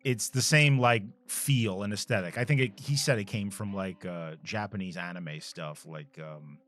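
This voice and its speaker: A man's voice: on the low side, moderate pace, fairly bright tone. A man co-hosting a retro video game playthrough, chatting casually with crude jokes and frequent laughter. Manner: joking, crude, laughs often. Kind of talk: casual gaming chat.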